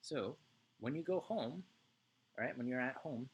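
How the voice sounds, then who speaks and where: A man's voice: mid-range voice, animated, unhurried, slightly rough, highs cut off. A male music teacher giving an online lesson to young children, chanting rhythm syllables and checking in often with "right?".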